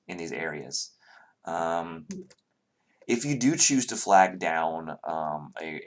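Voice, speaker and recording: A man narrating a tabletop game as game master, rambling with frequent ums and restarts. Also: low voice.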